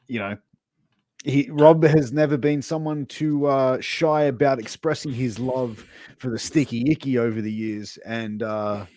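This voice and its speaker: A man co-hosting a podcast with a laid-back, slangy way of talking. His voice sits at a middle pitch and sounds dry and close to the mic. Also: a little mellow, no echo. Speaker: podcast co-host. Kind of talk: casual chat.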